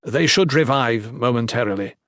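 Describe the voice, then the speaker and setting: A man's voice: mid-range voice, fairly bright tone, no room sound, clean studio sound, close to an everyday voice. A man doing a grave old magician. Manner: grave, measured warnings. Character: grave old male magician, calm and stern.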